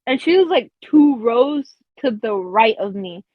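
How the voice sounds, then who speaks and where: A woman's voice: on the high side, animated, unhurried, dry recording. A woman co-hosting a podcast, telling a story in a casual, profane way with lots of fillers and laughs between phrases. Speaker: podcast co-host. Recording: dull lo-fi dry recording.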